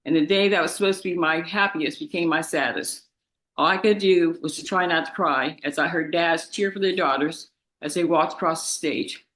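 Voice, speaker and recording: A young woman, the victim's daughter, reads a halting, emotional statement in a courtroom, often repeating her words. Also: fairly low pitch, a bit bright, reverberant, poor audio. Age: young adult. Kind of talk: reading a victim impact statement.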